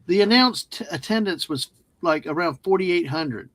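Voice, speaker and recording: A man's voice: sits high, expressive, normal speed, fairly bright tone, dry recording. Man co-host with a dry close sound. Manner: chatty storyteller with fillers and restarts. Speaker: podcast co-host. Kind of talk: casual podcast chat.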